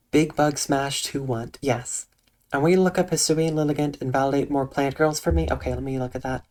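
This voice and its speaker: A streamer chatting calmly and softly with viewers on a live stream, using eloquent diction and a dry, deadpan delivery. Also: mid-range voice, fast. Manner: soft, calm tone with eloquent diction. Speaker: Twitch streamer. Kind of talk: casual livestream chat reading out viewer comments.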